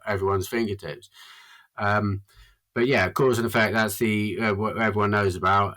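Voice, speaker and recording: Rambling earnest man, lowish voice. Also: fairly bright tone. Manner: rambling, earnest, full of fillers. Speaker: podcast guest. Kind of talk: casual chat.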